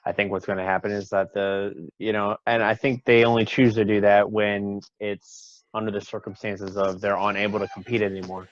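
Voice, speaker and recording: A man's voice: on the low side, flat delivery, normal speed, few pauses, no echo, muffled recording. A young man co-hosting a casual talk show, speaking in a laid-back, rambling way. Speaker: podcast co-host. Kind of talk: casual chat.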